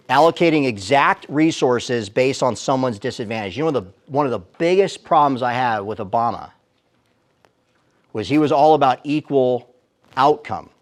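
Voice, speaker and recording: Male Christian speaker, emphatic live church talk, middle-pitched voice, rhetorical punch. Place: church sanctuary, before a live audience.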